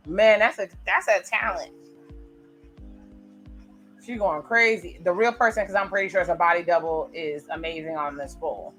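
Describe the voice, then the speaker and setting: A woman's voice: lowish voice, moderate pace, long pauses, fairly bright tone, faint music behind. Chatty woman reacting to TV. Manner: chatty, reacts aloud while narrating scenes. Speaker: reaction video host. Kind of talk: casual TV episode reaction commentary.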